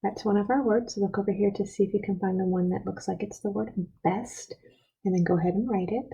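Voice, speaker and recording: A woman leads a spelling and writing lesson for young children, sounding out each letter and word slowly and patiently. Her voice is gravelly and husky, with a dark, mellow tone. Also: mid-range voice, steady tone, rough recording. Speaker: teacher.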